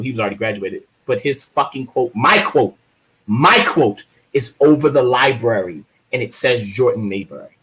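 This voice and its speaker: A man in his thirties from Baltimore with an American accent, a guest poet telling stories in a casual interview, lively and profane, acting out other people's voices. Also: mid-range voice, poor audio. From Baltimore, USA. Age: 30s.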